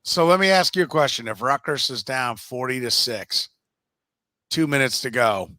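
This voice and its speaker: A man's voice: medium pitch, moderate pace, sharp tone, no room sound. A man co-hosting a casual sports podcast, blunt and profane, mocking others in put-on voices. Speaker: podcast co-host.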